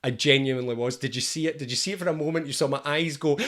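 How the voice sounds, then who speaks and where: A middle-aged man, an anxiety coach explaining things to camera in an animated, jokey, conversational way. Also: medium pitch, fast talker, hardly any pauses. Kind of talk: educational talk to camera.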